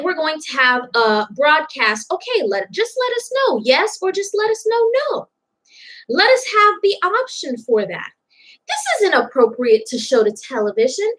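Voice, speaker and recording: A woman's voice: very high-pitched, very animated, normal speed, a bit bright, rough recording. A young woman commenting on a TV clip in a reaction vlog, outspoken and indignant, stressing her points with emphasis.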